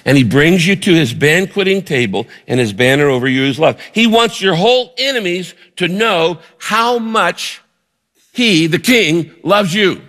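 A man's voice: sits high, expressive, measured pace, fairly bright tone, big-room sound. A male pastor preaching a sermon, painting a vivid story for the congregation and repeating words as he builds a point.

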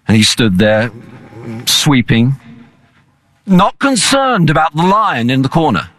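A man's voice: a little high, very animated, takes it slowly, fairly bright tone. A man preaching a sermon in an earnest, emphatic manner. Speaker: pastor.

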